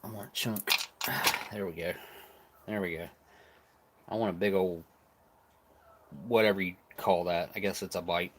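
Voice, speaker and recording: A man's voice: deep voice, a little slow, long pauses, background noise. A man reviewing old military rations on a live stream, chatting casually and eating as he talks. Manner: relaxed, chatty, talks while chewing. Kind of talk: live stream food tasting.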